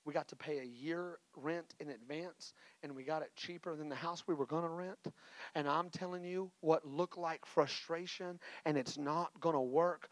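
A male pastor, preaching a sermon with a personal story and energetic call-and-response exhortations. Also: fairly high pitch, moderate pace, no room sound, low-quality recording. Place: church.

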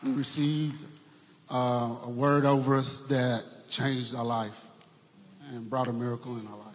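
A man sharing a church testimony story in an earnest, halting way, with many fillers and restarts. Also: medium pitch, level tone. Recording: dull sound with long hall reverb.

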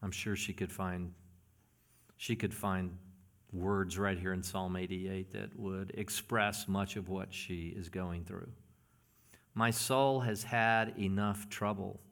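A man preaching a sermon as pastor, earnest and often hushed, building into emphatic passages. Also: low voice, level tone, takes it slowly, gravelly.

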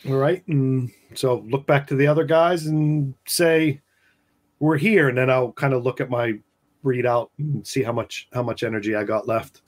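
An easygoing man playing a tabletop role-playing game at a mid pitch. He chats loosely and describes his character's moves. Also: fairly even intonation, moderate pace. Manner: easygoing, chatty. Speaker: player. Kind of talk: casual tabletop play.

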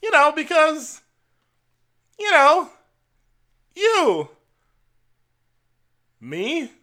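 A man voicing an eager, naive elderly grandmother who chatters in a high voice. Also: wildly swooping pitch, very slow, bright, forceful tone, exaggerated voice. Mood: puzzled. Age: older.

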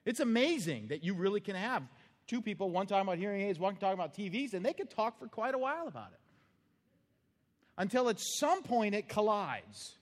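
A man's voice: high-pitched, sing-song, brisk, in a large hall. A man preaching a sermon as pastor, telling stories in a plain, earnest, conversational way.

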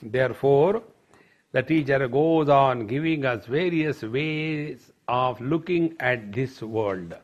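A man's voice: medium pitch, slow. Playful male spiritual teacher, lo-fi. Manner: playful storytelling, addresses audience as friends. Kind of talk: spiritual discourse.

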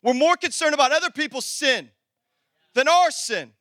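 A man preaching a sermon as pastor, animated, calling out to the congregation, then dropping into low conversational asides. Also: normal speed, no room sound, clean studio sound. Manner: talks to the congregation directly, conversational.

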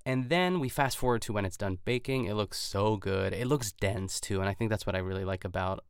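Rambly podcast guy, kinda low and gravelly, super dry close sound. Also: a little fast, dry recording. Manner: rambling and chatty, loses his place and laughs. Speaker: podcast host. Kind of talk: casual chat recapping a cooking show.

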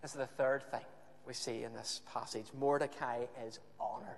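A man preaching a sermon, retelling a scripture story with animated, emphatic repetition. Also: mid-range voice, normal speed, creaky. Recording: echoey hall.

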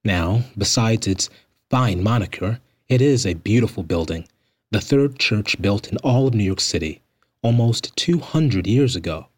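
Husky low-voiced man hosting. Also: lively intonation, a little slow. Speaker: podcast host. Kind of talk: casual spoken essay.

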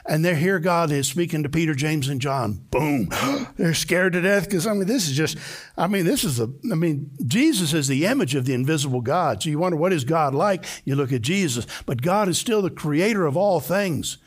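A pastor preaches to a live church congregation, giving the story emphatic force and voicing the people in it himself. He has a fairly high voice with lively intonation at a normal speed.

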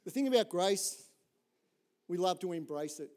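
A middle-aged man preaches with a fairly high voice. He tells his story in a lively, chatty way and keeps tossing "right?" to the listeners, moving easily between humour and earnest points. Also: moderate pace. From Australia. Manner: animated, conversational, often asks "right?". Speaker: pastor. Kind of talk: sermon with storytelling.

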